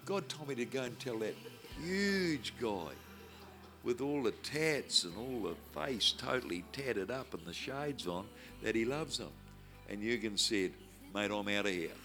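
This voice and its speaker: A man preaching, telling a lively story and acting out the voices, then praying fervently over a crowd. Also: medium pitch, measured pace. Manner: animated storyteller, acts out voices, ends in loud fervent prayer. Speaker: evangelist preacher. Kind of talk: sermon with storytelling and prayer. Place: stage before a crowd. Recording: music playing behind.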